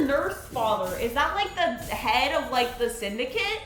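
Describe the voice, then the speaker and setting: A young woman streaming a game, chatting in an excitable, rambling way with lots of fillers. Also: high-pitched, a little slow. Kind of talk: casual live-stream chat. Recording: roomy echo with faint music.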